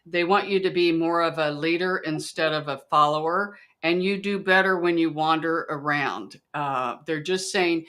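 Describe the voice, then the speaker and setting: A woman psychic hosting her show, giving a reading to a viewer. She speaks in a calm, measured way. Her voice sits somewhat low for a woman. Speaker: psychic host.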